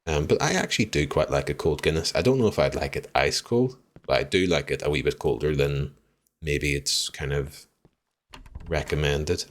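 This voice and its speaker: A man streaming a game live, chatting with viewers, swearing freely and reacting loudly to what happens on screen. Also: a bass voice, normal speed. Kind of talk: live gameplay commentary.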